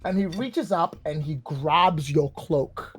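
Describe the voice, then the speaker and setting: A man narrating a tabletop role-playing game as game master, casual and animated. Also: a little high, slow, slightly rough. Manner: animated, casual, rambling with fillers.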